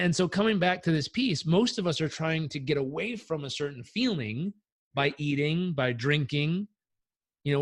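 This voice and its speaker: A man on a podcast telling personal stories in an animated way, acting out the voices in them. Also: on the high side, dry recording, studio quality. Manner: animated, acts out quotes. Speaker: guest. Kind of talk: conversational storytelling.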